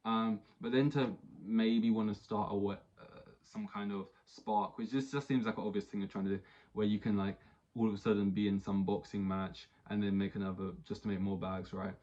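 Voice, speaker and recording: A young man rambles through a solo podcast episode in a low voice. He leans on fillers and keeps circling back to his point. The recording sounds dull and lo-fi. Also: little pitch movement, normal speed, a little mellow. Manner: rambling, many fillers and restarts. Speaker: podcast host. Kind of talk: solo casual podcast monologue.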